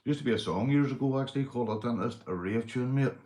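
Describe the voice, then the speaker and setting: A Northern Irish man hosting a livestream, telling crude jokes, swearing and shouting out viewers. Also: mid-range voice, quick pace. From Northern Ireland. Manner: rowdy, swearing, joke-telling, reading viewer comments. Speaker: livestream host. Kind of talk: casual livestream chat.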